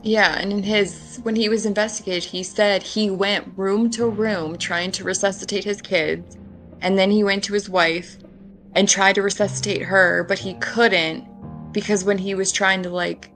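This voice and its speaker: A woman's voice: medium pitch, fairly even intonation, moderate pace, fairly bright tone, faint music behind, rough recording. A woman hosting a podcast, talking casually and skeptically about a criminal case. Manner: chatty, skeptical, fond of quoting others in mock voices. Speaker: podcast host. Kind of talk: casual true-crime chat.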